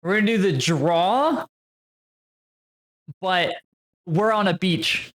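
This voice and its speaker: A man's voice: high voice, slow, fairly bright tone. Playful, hesitant male esports co-caster. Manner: playful, hesitant, full of fillers. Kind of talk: live esports commentary and banter.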